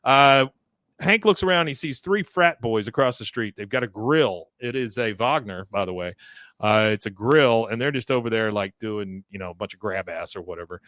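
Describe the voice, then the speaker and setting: A man's voice: fairly low pitch, animated, moderate pace, fairly bright tone, dry recording. Guy on a podcast casually recapping a cartoon, chatty, lots of uhs, dry close mic. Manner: chatty, with fillers and laughs. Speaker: podcast host.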